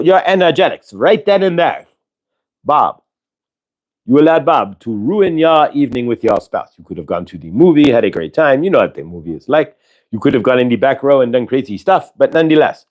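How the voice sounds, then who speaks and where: A man's voice: medium pitch, darkish tone. Guy channeling a spirit on a stream, rambly and repetitive, says "we", acts out bits of dialogue. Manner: rambling, repetitive, speaks as a collective "we"; acts out everyday dialogue in quoted voices. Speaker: spiritual channeler and livestream host.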